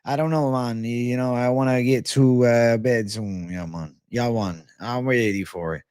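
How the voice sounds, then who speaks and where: He hosts a live sports betting show, chatting casually with his viewers and swearing freely in a laid-back, slangy manner. His voice is medium-pitched, steady, a little mellow, clear and resonant at normal speed, captured in a dry, clean studio recording.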